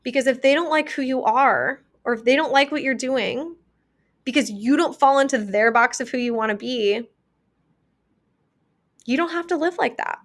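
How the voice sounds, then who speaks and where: A woman's voice: high voice, normal speed. A young woman hosting a podcast, talking casually and earnestly, full of "like" fillers. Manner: chatty, many "like" fillers, earnest advice. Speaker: podcast host. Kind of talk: casual solo podcast talk.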